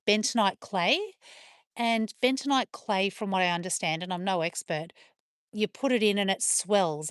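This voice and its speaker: A medium-pitched woman with an Australian accent livestreams from her farm, chatting casually with her viewers and calling to her dogs in turn. The recording is dry and of studio quality.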